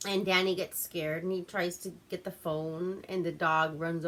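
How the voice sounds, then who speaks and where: A giggly woman from Alaska rambles through a movie recap at home, swearing freely and piling up fillers. She talks unhurriedly, with a bright, forward tone. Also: lowish voice, steady tone, measured pace, hardly any pauses. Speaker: movie reviewer host.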